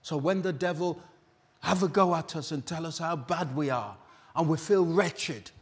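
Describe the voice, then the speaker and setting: A man's voice: fairly high pitch, normal speed. A British man preaching a sermon at a church service in an exclamatory, rousing way, calling out to the congregation.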